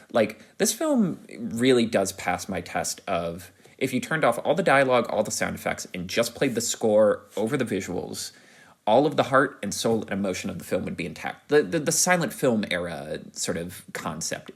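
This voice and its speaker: A man with a fairly low, husky voice hosts a podcast and reviews a film with open enthusiasm. His pitch swings widely as he gets excited, and he rambles, restarts and piles on fillers. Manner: animated, rising to excited peaks. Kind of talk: casual spoken review.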